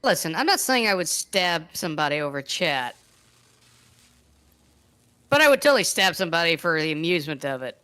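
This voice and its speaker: Woman streaming, talks blunt and swears a lot, lowish voice, crisp bright sound. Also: very animated, brisk, pauses often. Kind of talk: casual stream chat.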